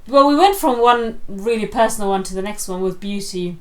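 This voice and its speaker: A woman's voice: medium pitch, brisk. A young woman co-hosting a podcast, chatting casually and telling stories with lots of fillers. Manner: chatty, animated storyteller with many fillers. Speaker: podcast co-host. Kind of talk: casual chat. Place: indoor room, same room as co-host.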